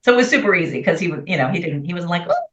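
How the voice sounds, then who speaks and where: A middle-aged woman telling stories in a candid interview, chatty and expressive. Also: fairly low pitch, very fast. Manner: chatty, expressive, quotes herself in lively voices. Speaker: guest. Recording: far from mic in an echoey room, dull sound.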